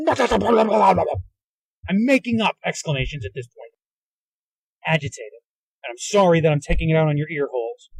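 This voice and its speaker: Here a man's high voice comes through a low-quality, echo-free recording made with a handheld recorder in a car. He is a podcast host ranting solo, agitated and swearing, inside the moving vehicle.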